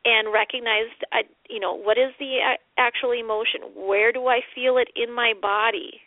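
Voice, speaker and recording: A woman's voice: a little high, steady tone, no room sound. Woman talking over a tinny phone line. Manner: earnest, halting, many fillers and restarts. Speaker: guest. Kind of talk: radio interview.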